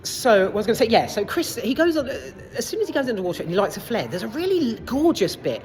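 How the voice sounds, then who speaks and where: A woman's voice: fairly high pitch, sing-song, quick pace, darkish tone. A woman giving a casual, rambling film review in a cinema foyer, full of side notes and the odd swear word.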